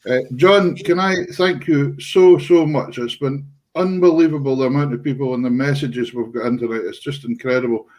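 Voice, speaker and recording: A man's voice: medium pitch, steady tone, moderate pace, hardly any pauses, darkish tone, rough recording. A man with a Scottish accent hosting a casual music show, full of effusive praise and thanks. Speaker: show host. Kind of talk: casual chat.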